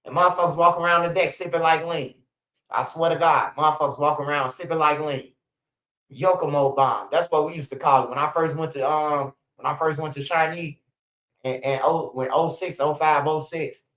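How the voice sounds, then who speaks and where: Guy in his 40s rambling and cussing on a stream, kinda high voice, roomy dull sound. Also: steady tone, moderate pace, pushed and bright. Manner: rambling, profane, laughing, with many restarts. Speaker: channel host. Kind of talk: casual livestream storytelling.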